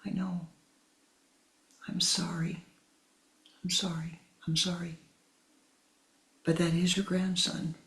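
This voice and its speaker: A man's voice: sits high, monotone, takes it slowly, long pauses, voice pushed up, heavily acted, poor audio. Man voicing a tearful young village woman. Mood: remorseful. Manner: soft pleading, whispery.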